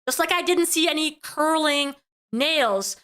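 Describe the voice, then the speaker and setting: A woman streamer reacts live to a clip, animated and repetitive when something bothers her. Her voice sits high and sounds bright and forward. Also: unhurried. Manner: animated, repeats words when worked up.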